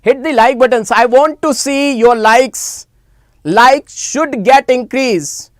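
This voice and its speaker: Slow, animated chemistry teacher. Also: male voice, extremely high pitch, no room sound. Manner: animated, repeats phrases, coaxes students to answer in chat. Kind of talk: live online exam-prep class.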